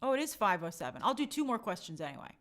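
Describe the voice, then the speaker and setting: A woman's voice: mid-range voice, very animated, very fast, a bit bright. A woman hosting a casual live stream, chatting and reading viewer comments aloud. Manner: chatty, reads comments aloud and answers them.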